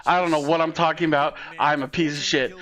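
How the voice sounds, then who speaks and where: A man streaming a watch party, reacting to a live esports match with loud swearing, constant "dude," and yelling at big plays. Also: a little high, fairly even intonation, quick pace.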